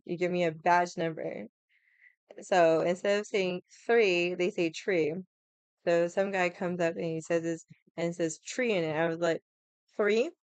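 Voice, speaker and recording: A woman's voice: fairly low pitch, clean tone, no echo. A young woman telling a story in a chatty, casual way, laughing and swearing as she talks. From Hawaii. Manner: irritated, stubborn storyteller. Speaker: vlogger.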